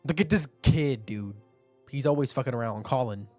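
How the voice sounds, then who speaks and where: A man hosting a manga reaction, giving casual commentary with animated, profane asides. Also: mid-range voice, moderate pace, soft background music. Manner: animated, swearing, laughing asides.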